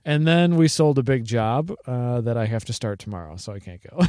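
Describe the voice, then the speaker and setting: A man's voice: mid-range voice, moderate pace, darkish tone, no room sound. Rambling, chatty man with a dry sound. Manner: rambling, hesitant with many fillers and restarts, laughs often. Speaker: podcast co-host. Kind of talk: casual chat.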